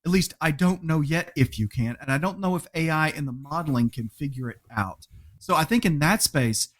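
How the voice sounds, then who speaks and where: A man who is a podcast guest, chatting casually, telling animated stories, laughing often and acting out quotes. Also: fairly high pitch, fairly quick. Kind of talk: casual interview chat.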